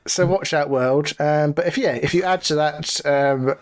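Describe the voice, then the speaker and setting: A man from Cornwall chatting on a podcast in a laid-back, dry way, with plenty of hesitant ums between thoughts. His voice sits slightly high for a man. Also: a little slow. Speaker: podcast co-host. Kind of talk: casual chat.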